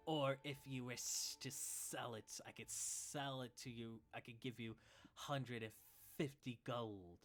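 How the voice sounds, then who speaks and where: A man voicing a shrewd male serpent-man smith, speaking in a rough, gruff voice with slow, deliberate haggling. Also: medium pitch, fairly even intonation, fairly bright tone, soft background music. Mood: gruff, businesslike.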